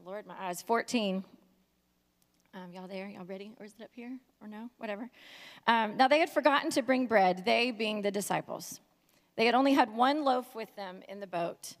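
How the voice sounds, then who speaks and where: A woman's voice: on the high side, moderate pace. Chatty woman preaching in a hall. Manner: chatty, joking, asks the audience to talk back. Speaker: guest speaker. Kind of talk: conversational sermon. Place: church sanctuary. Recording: long reverb from a hall.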